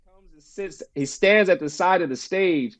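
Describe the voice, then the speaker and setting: A man telling a personal story in casual conversation as a podcast guest, animated and slangy, acting out quoted friends. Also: sits high, moderate pace. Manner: casual slang, frequent "bro" and "you know".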